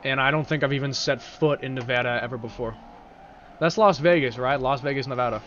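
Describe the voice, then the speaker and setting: A man with a sore throat rambles casually while streaming a game, swearing freely but speaking carefully. His mid-range voice is fairly bright and a little fast. The recording has the highs cut off and a faint hiss or hum.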